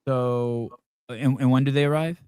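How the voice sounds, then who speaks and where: Halting male interview host. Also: mid-range voice, steady tone, mellow, clear, resonant tone. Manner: halting, restarts, many "um"s. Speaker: podcast host. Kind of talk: casual interview.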